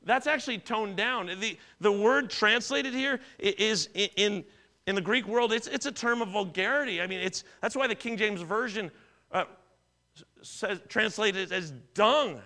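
A man's voice: high-pitched, moderate pace, bright, forceful tone. A middle-aged man preaching a sermon as pastor, conversational, telling personal stories and often restarting and repeating words.

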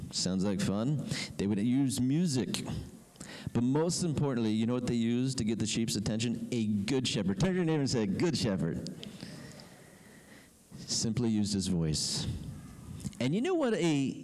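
A man preaching a sermon emphatically, with slow, drawn-out pauses. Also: mid-range voice, big pitch swings, a little mellow, low-quality recording. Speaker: pastor.

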